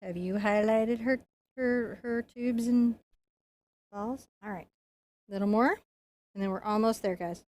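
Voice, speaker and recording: A woman's voice: medium pitch, steady tone, a little slow, pauses often, a little mellow. A woman giving a painting lesson, chatting playfully and joking as she works. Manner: chatty, playful, jokes and laughs while painting. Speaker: painting instructor.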